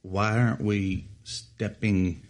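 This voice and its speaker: A man in his thirties telling a personal story in casual chat, animated and often laughing as he acts out other people's lines. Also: fairly low pitch, slow pace. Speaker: podcast co-host telling a story.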